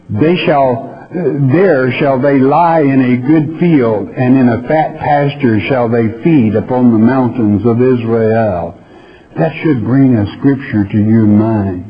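A man's voice: medium pitch, lo-fi sound. A man, preaching verse by verse in a folksy, emphatic way with frequent "okay?" asides. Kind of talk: verse-by-verse Bible teaching.

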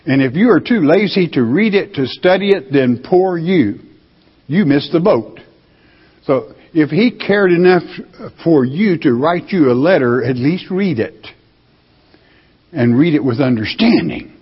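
A man's voice: mid-range voice, slightly rough. A man preaching a sermon, reading scripture aloud and then explaining it in blunt, plain words. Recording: muffled recording with long hall reverb.

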